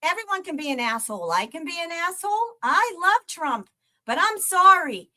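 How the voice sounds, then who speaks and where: A woman's voice: extremely high pitch, sing-song, normal speed, bright, forceful tone. A woman hosting a live stream, cursing and taunting a troll in a profane, mocking rant. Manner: profane, taunting, laughs between jabs. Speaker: livestream host. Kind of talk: ranting live-stream commentary.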